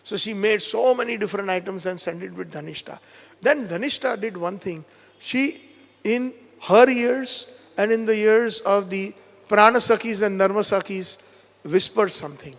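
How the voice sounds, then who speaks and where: A man's voice: high voice, moderate pace, gravelly, fairly bright tone, big-room sound. A man giving a devotional lecture who retells a scripture story and quotes each character in turn. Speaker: spiritual teacher giving a seminar. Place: temple lecture hall.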